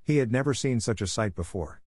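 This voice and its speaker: A man narrating a fairy tale in a steady, even storytelling manner, close to the mic. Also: medium pitch, brisk, husky, no echo. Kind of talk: scripted audiobook narration.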